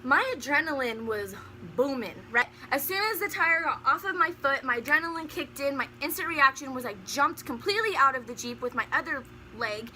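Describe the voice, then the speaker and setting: Bright, high-voiced young woman storyteller. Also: brisk, few pauses, a little hiss or hum. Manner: animated, laughing storyteller. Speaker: vlogger. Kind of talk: storytime vlog.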